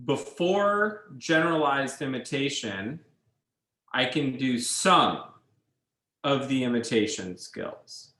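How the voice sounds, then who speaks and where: A man's voice: medium pitch, lively intonation, slow pace, pushed and bright, reverberant, low-quality recording. A man teaching a university class, explaining ideas step by step and checking in with his students. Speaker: university instructor. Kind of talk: classroom lecture.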